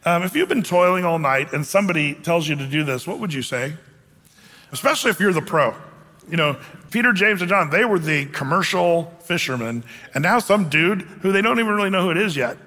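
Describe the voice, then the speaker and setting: Bright-voiced man preaching in a reverberant hall. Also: on the high side, lively intonation, brisk. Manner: conversational, explains scripture with casual asides. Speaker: pastor. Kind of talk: sermon.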